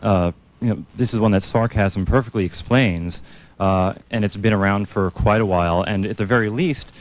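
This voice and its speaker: A man with a fairly low voice speaks as a guest on a panel. He explains things patiently and plainly, with a matter-of-fact tone. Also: moderate pace. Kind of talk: panel discussion.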